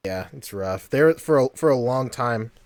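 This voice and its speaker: A man's voice: medium pitch, expressive, normal speed, no room sound. A young man co-hosting a casual podcast, talking loosely with lots of slang and fillers. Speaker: podcast co-host.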